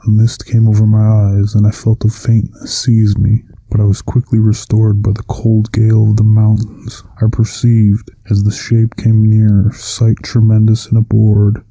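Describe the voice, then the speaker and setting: A man giving a measured, solemn first-person reading of a classic novel. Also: on the low side, completely flat delivery, mellow, dry recording. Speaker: audiobook narrator.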